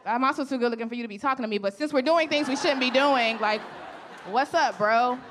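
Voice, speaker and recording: Brash high-voiced woman doing stand-up. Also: quick pace, crowd noise, background noise. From Chicago. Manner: brash, profane, conversational storytelling. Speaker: stand-up comedian. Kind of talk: stand-up comedy set. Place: comedy club stage. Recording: live comedy club with audience laughter. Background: audience laughter and room murmur.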